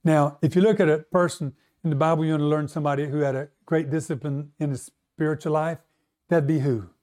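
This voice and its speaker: A man's voice: a little high, fairly even intonation, fairly quick, a little mellow. A man preaching a sermon, emphatic and often asking the congregation questions. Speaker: pastor.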